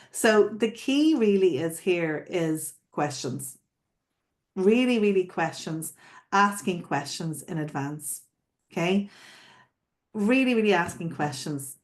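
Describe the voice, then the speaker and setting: A woman coaching florists on selling, explaining in a conversational way and often checking in with her listeners. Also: lowish voice. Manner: explains with frequent check-in questions and repetitions. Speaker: sales coach teaching florists. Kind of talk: spoken teaching.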